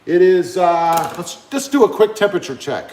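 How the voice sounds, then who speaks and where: A man hosting a casual live stream, rambling and joking as he reads out comments. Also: moderate pace. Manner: rambling, joking, lively pitch swings. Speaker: livestream host. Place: indoor room, 88 degrees. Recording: echoey room.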